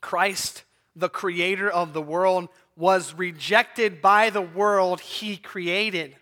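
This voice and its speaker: A man preaching a sermon, swinging between hushed near-whispers and loud, emphatic declarations. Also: high-pitched, steady tone, takes it slowly.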